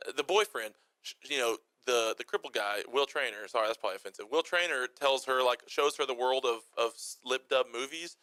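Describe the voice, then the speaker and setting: A young man co-hosting a movie review show, joking quickly and putting on silly voices for characters. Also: mid-range voice, pushed and bright, no echo, low-quality recording. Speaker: podcast co-host. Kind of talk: casual movie review chat.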